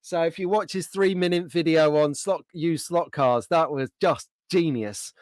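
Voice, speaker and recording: A man's voice: fairly high pitch, measured pace, no room sound, studio quality. A middle-aged man hosting a casual livestream, chatting and bantering in an upbeat way. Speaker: livestream host. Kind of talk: casual chat.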